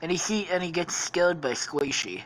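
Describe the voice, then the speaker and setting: Brief: profane podcast host woman, low-ish voice, very lively, drawn-out pace. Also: slight background noise. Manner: profane, rambling, lots of swearing. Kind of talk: casual rambling storytelling.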